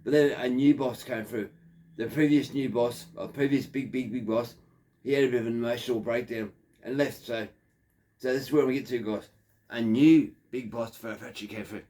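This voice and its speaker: A man's voice: medium pitch, steady tone, moderate pace, warm tone. A man in his fifties with an Australian accent, telling a crude, digressive story in a rambling monologue. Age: 50s. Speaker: factory worker.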